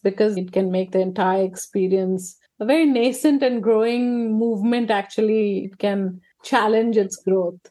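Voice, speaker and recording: Encouraging woman podcast host, mellow tone. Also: mid-range voice, normal speed, hardly any pauses. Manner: encouraging, affirming interviewer. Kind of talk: conversational podcast interview.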